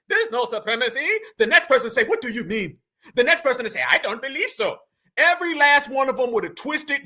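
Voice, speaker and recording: A man with a very high, bright, sharp voice hosts a reaction commentary show. He talks straight to his viewers in animated slang, pausing a clip to argue back at it. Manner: animated, addresses audience directly with slang. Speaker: commentary host.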